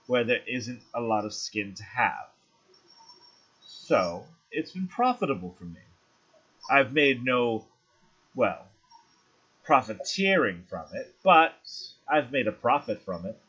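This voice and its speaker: A man voicing a flirtatious, coy woman dealer in a fantasy tabletop game, teasing and purring with a husky voice. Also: medium pitch, a bit bright, dull audio.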